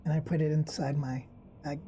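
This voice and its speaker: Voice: medium pitch, little pitch movement, brisk, dark tone, a little hiss or hum. A player in a tabletop game, chatting casually and asking curious questions.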